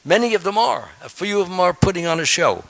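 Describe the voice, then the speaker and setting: A man's voice: sits high, very animated, fast talker, vocal fry, a bit bright, low-quality recording. An older man, a swami, giving a Sunday sermon, earnest and repetitive, with many fillers and the odd chuckle.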